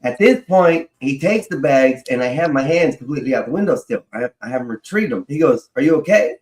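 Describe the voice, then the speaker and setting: A man's voice: mid-range voice, animated, fairly quick, darkish tone. A man telling a long personal story in a casual way, swearing freely and laughing as he goes. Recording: roomy echo.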